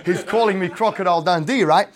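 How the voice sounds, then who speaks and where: A man's voice: sits high, fast. An Australian man talks through a casual slideshow presentation. He rambles, fills gaps with ums and uhs, and keeps asking "right?" to check in with his listeners. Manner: rambling, heavy on fillers and tag questions. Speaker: real estate investor and brokerage owner.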